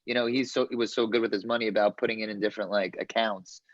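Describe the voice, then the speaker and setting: A man's voice: fairly low pitch, steady tone, fast, no room sound, dull audio. A man in his thirties, a comedian on a podcast panel, chatting casually with many fillers and restarts. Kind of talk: casual chat.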